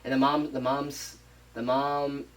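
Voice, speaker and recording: A man on a podcast casually retelling a movie plot, rambling and animated, acting out the characters' lines and swearing freely. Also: mid-range voice, slow, far from the mic, low-quality recording. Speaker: podcast co-host.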